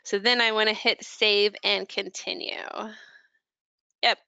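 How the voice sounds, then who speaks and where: A woman's voice: mid-range voice, little pitch movement, takes it slowly, sharp tone, clean tone. A woman leads a casual product training session, narrating each step on screen. Her speech is loose and friendly, with frequent ums and restarts. The audio is slightly dull and lo-fi. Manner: casual, many ums and uhs while clicking through. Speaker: software trainer. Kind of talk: screen-share product walkthrough.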